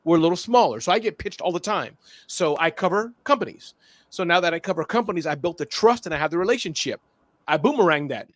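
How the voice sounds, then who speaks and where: A man who is a guest on a podcast, talking in a lively, playful way and acting out phone calls with sound effects. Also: sits high, fast, dry recording, studio quality. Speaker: guest, small business expert. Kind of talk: animated podcast conversation.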